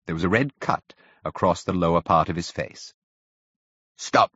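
Deep, husky male audiobook narrator. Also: a little fast, fairly bright tone, no room sound. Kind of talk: scripted narration of a classic novel. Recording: dull, dry audio.

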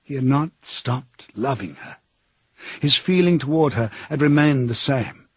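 A man narrating a novel as an audiobook in a measured, grave way. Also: medium pitch, animated, husky, no echo, lo-fi sound.

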